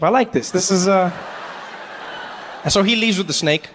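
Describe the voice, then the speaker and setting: A man performing stand-up comedy, telling a story with animated delivery. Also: high-pitched, moderate pace, in a large hall, slight background noise. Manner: animated storytelling, jumping into voices.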